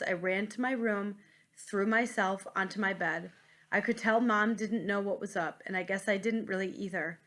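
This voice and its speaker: A woman reading a children's novel aloud at home, pausing to comment gently for young listeners. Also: mid-range voice. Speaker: reader. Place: at home, with a pet dog nearby.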